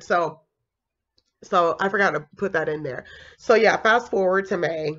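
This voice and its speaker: A woman's voice: lowish voice, measured pace. Chatty young woman teacher, lo-fi. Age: young adult. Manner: animated, chatty, full of fillers and laughs. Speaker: kindergarten teacher. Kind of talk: casual storytelling vlog.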